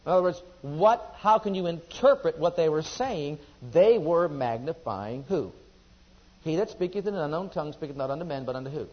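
Preaching a sermon, a man with a slightly high, animated voice keeps putting questions to his listeners at a normal pace. His delivery climbs to loud emphasis and then falls to quiet asides, and the recording sounds dull and lo-fi.

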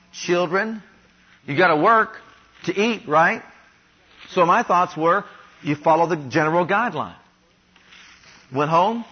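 A man from Ohio preaching a sermon, having the congregation repeat declarations after him and rising louder on each one. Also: a little high, slightly rough. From Ohio, USA. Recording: dull lo-fi sound.

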